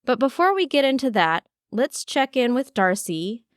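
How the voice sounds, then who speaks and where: A woman's voice: on the high side, sing-song, moderate pace, smooth, no echo, clean studio sound. Enthusiastic woman hosting a podcast. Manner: earnest, enthusiastic, emphatic. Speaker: podcast host. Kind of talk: scripted podcast narration.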